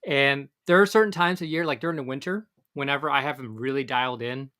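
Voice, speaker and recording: Man, bright voice, rambling podcast chat, lots of fillers. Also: medium pitch, quick pace. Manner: rambling, many fillers and restarts. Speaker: podcast co-host. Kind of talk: casual chat.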